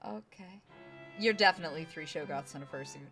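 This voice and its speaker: A woman's voice: low voice, brisk, fairly bright tone, faint music behind. A young woman streamer playing a game, reading its text aloud and commenting in a bemused, playful way.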